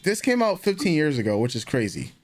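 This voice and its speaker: A man's voice: a little high, very animated, a little fast, slight background noise. A man co-hosting a music reaction video, chatting in a laid-back, slangy way. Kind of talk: casual reaction chat.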